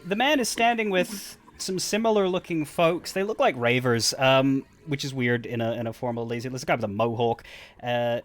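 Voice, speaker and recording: A man's voice: mid-range voice, normal speed, faint music behind. Rambling man game master. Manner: rambling, many restarts and fillers. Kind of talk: narrating a tabletop game.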